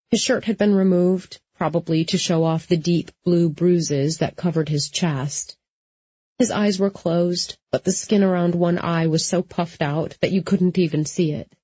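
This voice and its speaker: A woman narrating a novel in the first person at a measured, steady pace, in a dry, slightly dull recording. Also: lowish voice, husky, dry recording. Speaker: audiobook narrator.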